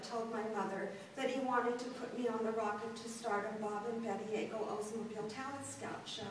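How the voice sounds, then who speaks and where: A woman in her sixties from Los Angeles, a performance artist telling her life story to a gallery audience in a halting way, with frequent pauses and ums. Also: fairly high pitch, a little hiss or hum. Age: 60s. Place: gallery room before an audience. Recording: very echoey room, distant mic.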